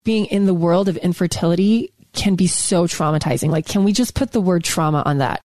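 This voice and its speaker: A woman's voice: fairly low pitch, fairly quick, darkish tone, no echo. A woman co-hosting a podcast in casual chat, emphatic and fond of repeating her key words. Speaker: podcast co-host.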